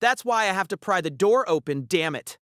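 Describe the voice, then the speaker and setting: Woman playing a wisecracking, nervous young guy for an audiobook, lowish and lively, dry close mic. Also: normal speed, dry recording. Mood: wry. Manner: sarcastic, nervous quips. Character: anxious, wisecracking young man. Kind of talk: audiobook character voice.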